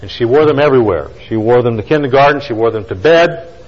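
Man preaching with slow emphatic stresses. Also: medium pitch, in a large hall, lo-fi sound. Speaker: pastor. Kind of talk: sermon storytelling.

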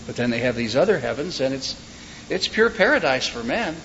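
A man's voice: medium pitch, big pitch swings, brisk, bright, forceful tone. A man preaching a sermon in a folksy way, with joking asides and short told stories. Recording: dull lo-fi recording with faint background noise.

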